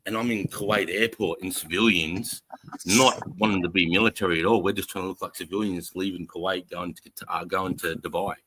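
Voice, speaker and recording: A man's voice: sits low, brisk, a little hiss or hum, rough recording. Brash Australian man telling war stories. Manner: profane, animated storytelling with acted-out voices. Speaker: podcast host. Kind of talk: casual storytelling.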